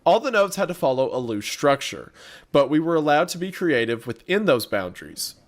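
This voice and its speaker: A man with a Southern American twang reads a story aloud on a comedy podcast, his voice sitting a little high and swooping constantly. He breaks into laughter and asides between lines. The sound is close and studio-miked. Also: very animated, brisk. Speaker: podcast host. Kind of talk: casual comedic story reading.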